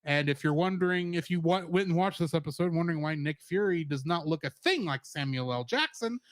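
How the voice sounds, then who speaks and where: A man with a high, very lively voice co-hosts a casual review podcast. He talks animatedly and laughs often. The sound is dry and close. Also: a little fast, no echo. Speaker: podcast co-host.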